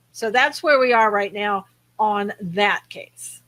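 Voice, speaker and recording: A woman co-hosting a live talk show, chatty and quick to laugh, greeting viewers by name. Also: medium pitch, a bit bright. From American South. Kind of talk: casual chat.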